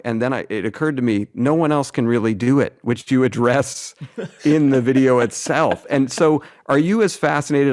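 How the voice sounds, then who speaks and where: A man hosting a podcast, asking rambling questions with fillers and laughter. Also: medium pitch. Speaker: podcast host. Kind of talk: casual interview.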